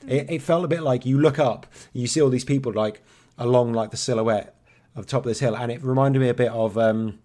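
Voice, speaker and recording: A man's voice: medium pitch, fairly quick, dark tone. A man in his thirties, co-hosting a podcast in casual, rambling chat and swearing freely. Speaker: podcast co-host.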